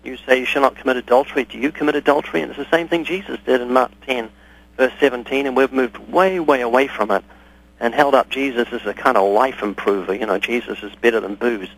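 A man giving a radio interview with a gravelly edge and a husky, slightly rough tone. He tells stories at length, slipping into the voices of the people he talks with to show how conversations go. His pitch sits in an ordinary middle range. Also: fast talker, fairly bright tone, low-quality recording. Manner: storytelling, acts out both sides of conversations. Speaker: guest evangelist. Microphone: studio or phone radio interview.

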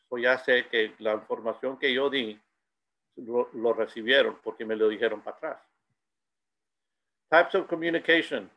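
Gravelly bilingual presenter. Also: male voice, medium pitch, a little fast, dull audio. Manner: switches between Spanish and English, tells anecdotes. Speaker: school presenter.

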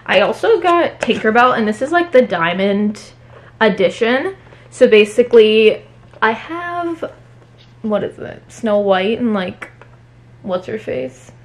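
A woman chatting casually at home in a haul vlog, talking fast with many fillers. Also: a little high, big pitch swings. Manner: chatty, fillers every few words. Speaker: book vlogger.

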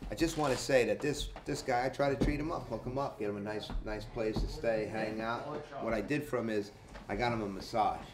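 A man's voice: fairly low pitch, fairly even intonation, brisk. Guy rambling a story at a race event, keeps saying right?, echoey and noisy, mic kinda far. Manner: loose, rambling, checks in with "right?". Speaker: drag racer telling stories. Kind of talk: casual storytelling. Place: at a racing event. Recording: echoey, distant mic, background noise.

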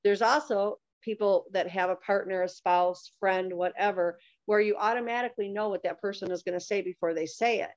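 A woman's voice: medium pitch, fairly even intonation, a little fast, hardly any pauses, dry recording. A woman guest on a talk show, explaining things in a patient, teaching manner and giving examples. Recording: dull, dry lo-fi sound.

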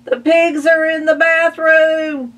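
A woman playing a frantic storybook farm mom, her voice pitched shrill and high as she exclaims. The reading is slow, and the recording sounds distant with a faint hum. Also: lively intonation, fairly bright tone. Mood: excited.

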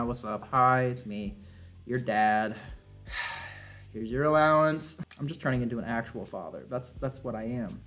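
A man casually reading fan messages on a vlog, animated and jokey, laughing and swearing often. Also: fairly high pitch. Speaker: content creator.

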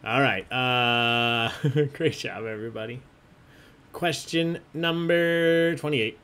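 A man's voice: medium pitch, slow pace, pushed and bright, clear, resonant tone. A man hosting an online trivia game, chatty and jokey, often laughing as he reads out answers. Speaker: trivia host.

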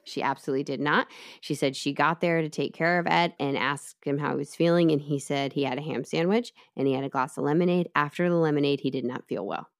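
Speaking fast with few pauses, a podcast co-host with a notably low voice walks her co-host through a criminal trial step by step. It's casual true-crime storytelling, chatty and easygoing with lots of asides, not read from a script.

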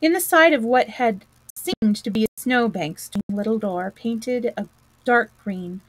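A woman reading a classic children's book aloud in a steady, measured way. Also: a little high, dry recording, rough recording. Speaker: storyteller.

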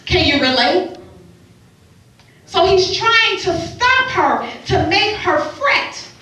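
A woman pastor preaching a sermon with impassioned swells that drop to a hush, heard in a large church. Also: very high voice, sing-song, slow. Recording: echoey hall, far from the mic.

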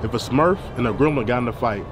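A man hosting a prank quiz video, teasing and giving deadpan instructions. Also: mid-range voice, fast talker, music in the background.

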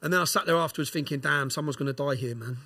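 A middle-aged man talks as a podcast guest, telling stories casually and with energy. He acts out the people he quotes and often checks in with a quick "yeah?" Sometimes he starts a line over. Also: on the high side, husky, dry recording. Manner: animated retelling, acts out quoted exchanges, tags lines with "yeah?". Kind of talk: casual storytelling interview.

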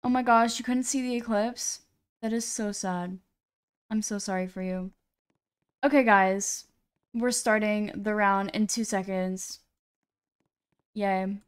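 A woman's voice: medium pitch, steady tone, takes it slowly, pauses often, clear, resonant tone. A woman live-streaming a game, chatting casually to her viewers in a rambling, self-deprecating way into a computer mic.

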